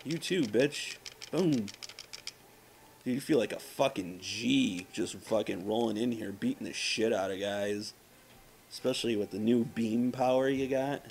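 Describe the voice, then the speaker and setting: A man's voice: mid-range voice, measured pace, vocal fry, a little mellow, slight background noise. A man casually commenting on his gameplay, profane and self-mocking, trash-talking the game's enemies. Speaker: let's play gamer.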